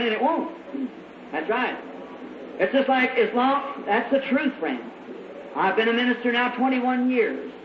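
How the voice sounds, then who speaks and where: A man's voice: very high voice, slight background noise. A man preaching a sermon in a fervent, folksy way, calling out to a church congregation. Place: church meeting hall. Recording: echoey, dull old hall recording.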